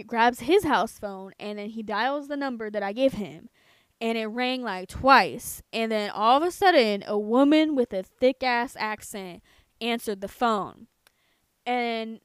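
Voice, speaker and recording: A young woman in her twenties from the United States, telling a story on a podcast in a casual, profane, animated way. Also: fairly high pitch, clean tone, no room sound. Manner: profane, animated, quotes herself and others. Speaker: podcast co-host.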